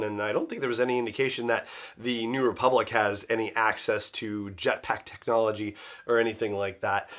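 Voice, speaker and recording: A man's voice: medium pitch, a bit bright. A man hosting a solo podcast, thinking aloud in a loose, speculative way with frequent fillers. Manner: musing, speculative, many "you know" fillers. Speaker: podcast host.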